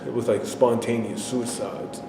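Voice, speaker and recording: A man performing a dramatic stage monologue, speaking haltingly and repeating himself as he recounts a disturbing memory. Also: flat delivery, vocal fry. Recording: echoey hall, faint rumble.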